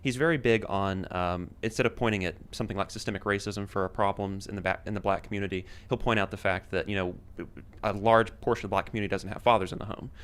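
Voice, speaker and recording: A man chatting as a guest on a political talk show, talking quickly with many restarts and a wry tone. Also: lowish voice, steady tone, a bit bright, smooth. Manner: rapid, stumbling restarts, wry. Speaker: guest commentator. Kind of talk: casual political chat.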